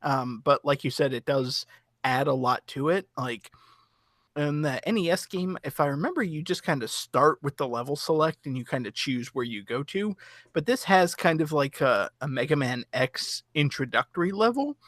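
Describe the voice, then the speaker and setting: A man's voice: on the high side, animated, normal speed, fairly bright tone, no room sound, clean studio sound. A man co-hosting a podcast, chatting casually and explaining details with lots of fillers. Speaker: podcast co-host. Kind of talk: casual chat.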